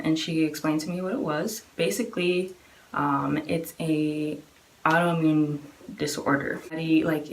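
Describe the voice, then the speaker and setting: Low-voiced woman telling her story. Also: slight background noise. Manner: chatty, many fillers, acts out quoted voices. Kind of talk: casual personal storytelling.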